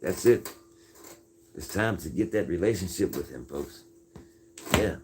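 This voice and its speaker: The host of a casual faith-based livestream reads viewer comments in a low, somewhat dark voice with lively intonation and a measured pace. Earnest and folksy, he presses like a preacher and keeps saying "folks" and "man." Slight background noise can be heard.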